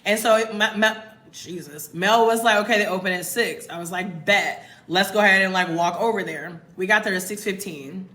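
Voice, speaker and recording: A woman's voice: medium pitch, moderate pace, pushed and bright. An American woman in her twenties or thirties chatting casually to livestream viewers, emphatic and talking straight to them. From United States. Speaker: expat content creator. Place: home in Mexico. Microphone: phone.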